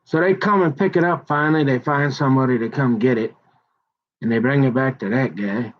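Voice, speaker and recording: A man's voice: medium pitch, a little fast. A man telling a long rambling story in a slangy, digressive way, acting out the voices of the people in it. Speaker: show host. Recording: dull lo-fi audio.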